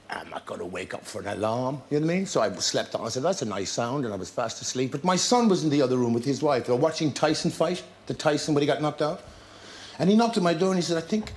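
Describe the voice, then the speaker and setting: A man, a talk show guest, telling lively anecdotes with laughter and acted-out scenes. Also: on the high side, a little hiss or hum. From Ireland. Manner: storytelling with laughter, acting out scenes.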